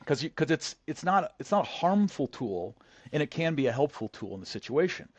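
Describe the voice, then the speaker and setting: A man's voice: a little high, sing-song, fairly quick, dry recording. A man as a podcast guest, a negotiator telling a story in a conversational way, often restarting and repeating words. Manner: frequent restarts and word repeats.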